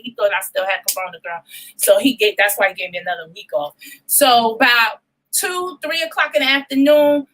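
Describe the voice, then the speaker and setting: Bright high-voiced woman telling a story. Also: poor audio. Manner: animated, profane, acts out quoted voices. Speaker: podcast co-host. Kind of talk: casual storytelling chat.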